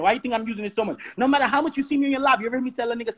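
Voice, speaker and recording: With a crowd audible behind him, a Brooklyn, New York man hosts a heated live-stream rant via phone or webcam. His voice is extremely high and rapid-fire as he combatively repeats rhetorical questions.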